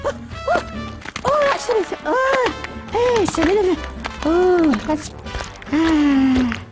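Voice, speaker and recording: Prissy genteel cow, high lively voice, music behind. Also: female voice, takes it slowly, heavily acted. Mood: flustered. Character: prim fussy female cow. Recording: game audio with music behind.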